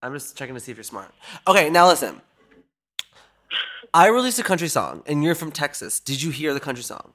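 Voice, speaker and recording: Guy hosting a podcast, bright voice, kinda high, jokey and loud-ish chat. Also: a little fast, pauses often. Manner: jokey, animated, swearing. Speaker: podcast host.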